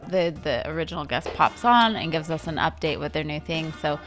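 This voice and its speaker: A woman co-hosting a podcast in casual chat, brisk and steering the conversation. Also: deep voice, expressive, music in the background. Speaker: podcast co-host.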